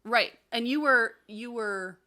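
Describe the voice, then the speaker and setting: Bright-voiced woman telling a story. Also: fairly high pitch, takes it slowly. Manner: animated, laughing storyteller acting out quotes. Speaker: podcast co-host. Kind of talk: casual storytelling chat. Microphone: table mic.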